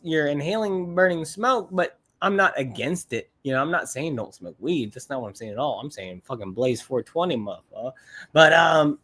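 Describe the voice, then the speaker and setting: A man's voice: on the high side, a bit bright. A man hosting a livestream, chatting casually with viewers in a rambling, blunt, profane way and often repeating himself. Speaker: livestream host. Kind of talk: casual chat to live viewers.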